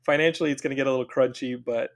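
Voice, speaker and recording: A young man co-hosting a podcast, telling stories in a casual, animated way. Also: medium pitch, rapid-fire. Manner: animated, does voices of family members. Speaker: podcast co-host. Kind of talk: casual storytelling chat.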